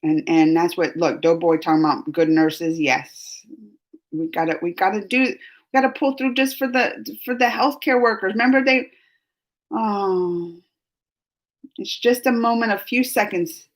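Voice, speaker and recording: A woman hosting a live stream, chatting casually with her viewers. She is emotional and laughs often, going from giggly to soft and earnest. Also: mid-range voice, a little slow. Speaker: reaction channel host reading live chat.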